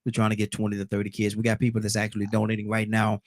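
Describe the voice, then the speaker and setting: A man's voice: fairly low pitch, monotone, very fast, no room sound. A man hosting a live call-in talk show, chatty and joking with callers.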